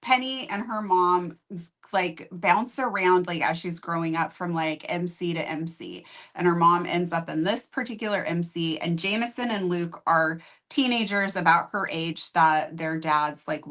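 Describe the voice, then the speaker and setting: A woman's voice: lowish voice, fairly even intonation, normal speed, fairly bright tone. A woman co-hosting a book review show, telling the story of a book in a conversational way and thinking aloud. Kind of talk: casual chat.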